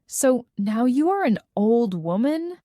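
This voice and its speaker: A good-humored father who teases his daughter dryly, read by a woman in her own voice. Slow, plain storybook delivery. Close and dry, with no room sound. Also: a little high, sing-song, warm tone, no echo. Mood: teasing. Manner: dry, teasing.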